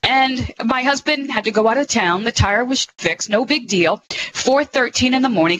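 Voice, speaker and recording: A woman talking earnestly and slowly on a spiritual radio show, as a guest. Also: medium pitch, background noise. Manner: earnest, slow and emphatic.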